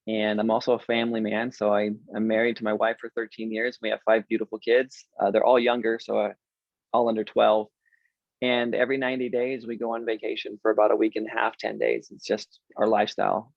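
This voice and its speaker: A man's voice: lowish voice, little pitch movement, a little fast, vocal fry, dry recording, muffled recording. A man in his forties, an interview guest, candidly telling a self-deprecating personal story in a casual way. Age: 40s.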